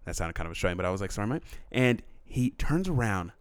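Animated man telling stories, dry close mic. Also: low-pitched, fast, clean tone, no echo. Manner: animated storyteller, swearing, frequent fillers. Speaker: podcast co-host. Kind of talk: casual storytelling chat.

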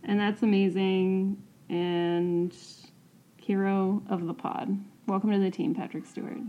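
A woman at a mid-range pitch, talking casually as a podcast co-host. She is blunt and dryly sardonic. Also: level tone, a little slow, narrow, tinny audio. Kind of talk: casual chat.

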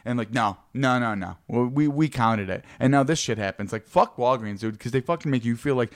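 A man's voice: medium pitch, fairly quick. Profane rambling man. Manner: rambling storytelling, heavy swearing. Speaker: podcast co-host. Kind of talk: casual profane chat.

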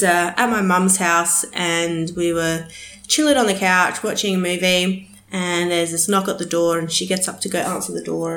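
A woman's voice: fairly low pitch, a bit bright. Chatty woman in a roomy echo. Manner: rambling, swears freely, many fillers. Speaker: podcast host. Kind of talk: casual solo podcast chat.

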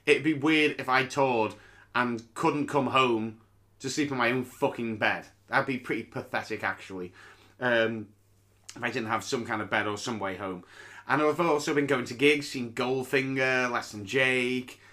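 Uk guy in his 30s ranting on his podcast, swears a lot, sarcastic, bright forceful voice. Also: medium pitch, moderate pace. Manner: sweary, sarcastic, rambling storyteller. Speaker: podcast host. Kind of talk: casual solo podcast storytelling.

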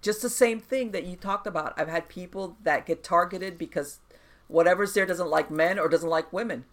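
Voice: mid-range voice, normal speed, a bit bright. Emphatic paranormal podcast host. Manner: emphatic, explains with many restarts and asides. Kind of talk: casual podcast conversation.

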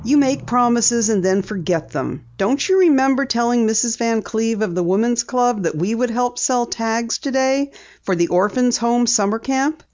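A woman's voice: on the high side, moderate pace, darkish tone, voice pushed up, lightly acted. A woman reading an audiobook, voicing a cheery teenage girl who fondly scolds her friend. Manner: cheery, indignant. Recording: dull lo-fi audiobook recording.

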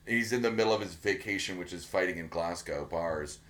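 A man's voice: low voice, fairly quick, a bit bright. A man co-hosting a podcast, chatting casually and enthusiastically, swearing often and restarting his sentences. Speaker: podcast co-host. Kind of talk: casual chat.

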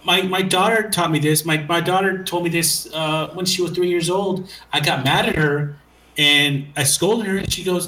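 Bright-voiced rambling man in an echoey room. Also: a little high, steady tone, moderate pace, a little hiss or hum. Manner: enthusiastic, rambling, hesitant. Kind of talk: casual podcast conversation.

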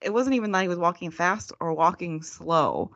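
Hesitant co-host, mid-pitched voice. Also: moderate pace, fairly bright tone, highs cut off, a little hiss or hum. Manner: hesitant, many fillers like "like" and "I don't know". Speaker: podcast co-host. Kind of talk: casual film review chat.

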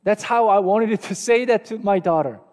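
A man in his forties, a pastor with a Korean accent, gives a sermon in a high-pitched, darkish voice at normal speed. He talks conversationally, makes self-deprecating jokes, and questions his listeners, with a long hall echo on the recording.

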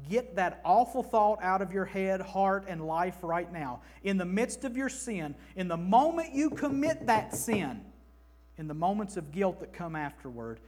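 A man in his thirties preaching an emphatic, animated sermon in a church, slipping into mock voices. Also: high-pitched. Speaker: pastor.

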